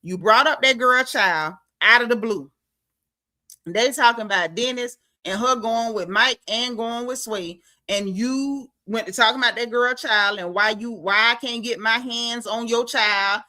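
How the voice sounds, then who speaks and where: A woman's voice: a little high, measured pace. A woman hosting a reality TV recap, talking casually and emphatically. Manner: animated, emphatic, talks straight to the cast members.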